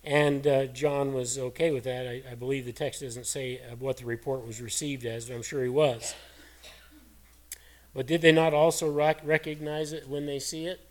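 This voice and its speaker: A middle-aged man preaching a sermon in a folksy, earnest, conversational way, his voice hoarse and cracking. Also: mid-range voice, level tone, normal speed. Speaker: pastor.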